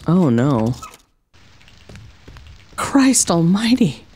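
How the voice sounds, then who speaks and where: Animated woman streamer, slow but lively. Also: on the low side, slightly rough. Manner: animated, exclaiming and swearing at the game. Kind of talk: let's-play commentary.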